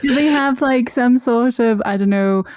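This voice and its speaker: A woman's voice: on the high side, unhurried, darkish tone, no echo. A woman co-hosting a podcast in casual chat, playfully teasing and eagerly guessing along. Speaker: podcast co-host.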